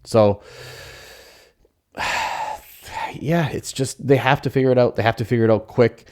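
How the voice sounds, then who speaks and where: A man's voice: medium pitch, fairly quick, darkish tone. A man hosting a podcast on his own, talking casually with many fillers and restarts. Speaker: podcast host. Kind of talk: solo podcast commentary.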